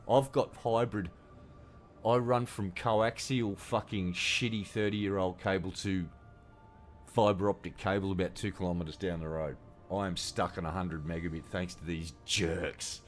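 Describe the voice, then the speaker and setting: A man's voice: lowish voice, animated, moderate pace. A man with an Australian accent giving casual, profane, ranting commentary while streaming a game.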